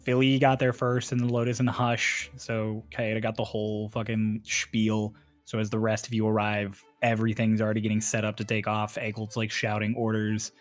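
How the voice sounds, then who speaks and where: A man's voice: fairly low pitch, monotone, moderate pace, no room sound, faint music behind. A man narrating a tabletop game as game master, laid-back and casual, swearing now and then.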